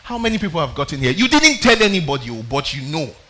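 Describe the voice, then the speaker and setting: A man's voice: a little high, sing-song, fast, sharp tone. A man preaching a sermon, reading scripture aloud with dramatic emphasis and calling out for the next verse. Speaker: pastor.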